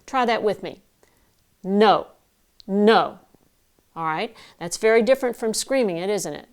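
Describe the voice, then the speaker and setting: A middle-aged woman voice coach giving a measured, clear lesson to camera, explaining ideas with vivid analogies. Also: mid-range voice, lively intonation. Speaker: broadcast voice coach. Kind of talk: instructional talk to camera.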